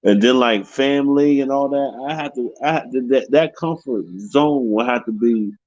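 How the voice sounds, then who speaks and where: A man's voice: mid-range voice, darkish tone, no room sound. Man, casual chat, stammers and repeats, dry muffled sound. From United States. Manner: halting, repeats words, searches for words.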